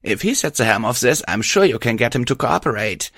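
A man's voice: medium pitch, sing-song, fairly quick, fairly bright tone, husky, no room sound, clean studio sound, pitched above the performer's own voice, heavily acted. A man voicing an upbeat, encouraging mare in a storybook reading. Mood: impressed.

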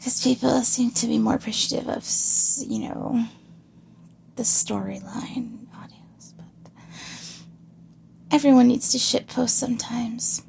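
A woman's voice: fairly high pitch, fairly even intonation, a little mellow. A young woman with a northern English accent, chatting casually and half-whispering as an audio creator, giggling at herself. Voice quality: breathy, husky. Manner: giggly, self-mocking, slow and drawn out. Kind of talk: casual chat, often whispered.

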